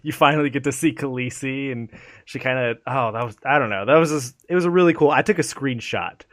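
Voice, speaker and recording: A man co-hosts a laid-back gaming podcast, lively and foul-mouthed, performing game scenes in rapid put-on voices. His pitch is medium, and the studio-quality recording has no room sound.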